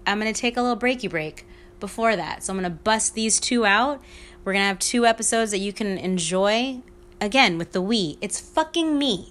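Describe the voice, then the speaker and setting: A woman's voice: medium pitch, a bit bright. A young woman hosting a solo podcast in casual chat, rambling, swearing freely and laughing at herself. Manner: rambling, profane, self-mocking, laughs often. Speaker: podcast host.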